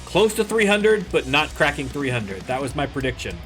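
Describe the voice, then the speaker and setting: A man's voice: fairly high pitch, very animated, moderate pace, a bit bright, soft background music. A young Canadian man hosting a casual let's-play, rambling and joking as he plays. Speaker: gaming channel host.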